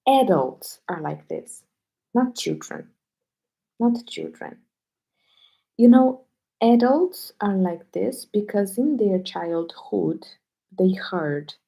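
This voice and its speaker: A woman teacher on a live stream, speaking low and hushed at home so she won't wake people sleeping nearby. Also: rough recording.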